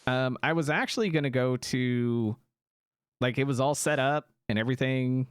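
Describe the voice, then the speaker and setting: A man's voice: mid-range voice, clear, resonant tone, no echo, clean studio sound. A young man streaming a game, chatting casually with viewers in a slightly sick voice with a lingering cough, rambling with ums and laughs. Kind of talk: casual livestream chat answering viewers.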